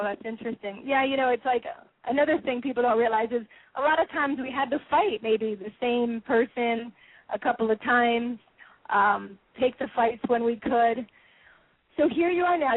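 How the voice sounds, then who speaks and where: A chatty, animated woman hosts a radio interview, laughing easily as she talks. Her voice is fairly high and comes through a thin, phone-like line. The sound is dry and close. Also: no echo. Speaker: radio show host.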